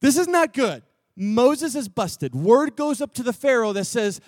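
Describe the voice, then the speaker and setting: A man's voice: high voice, sing-song, a little slow, no room sound, studio quality. A man from Texas preaching a sermon, telling a story in a loose, slangy way with offhand asides. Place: church gathering room.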